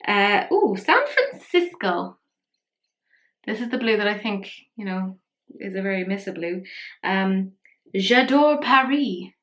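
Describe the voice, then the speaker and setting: A woman in her thirties talks through a makeup tutorial in a casual, chatty way. She keeps a middle pitch and teases herself as she goes. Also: steady tone, moderate pace, a bit bright. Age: 30s. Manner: chatty, playful and self-mocking. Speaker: makeup vlogger.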